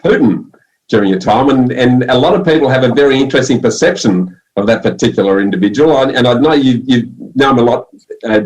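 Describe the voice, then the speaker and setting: A man's voice: mid-range voice, fairly quick, a little mellow, low-quality recording. Enthusiastic male podcast host. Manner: enthusiastic, stumbling over repeated words. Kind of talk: interview question.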